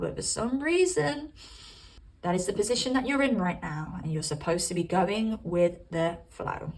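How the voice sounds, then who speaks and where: A woman's voice: mid-range voice, animated, moderate pace, far from the mic, rough recording. A woman giving a chatty, giggly pick-a-card tarot reading, musing aloud about what she senses. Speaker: tarot reader.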